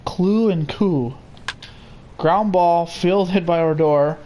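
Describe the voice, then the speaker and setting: A young man calling a baseball game play by play, steady and unhurried, with casual asides. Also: fairly high pitch, a little hiss or hum. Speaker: play-by-play commentator. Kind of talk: simulated baseball commentary.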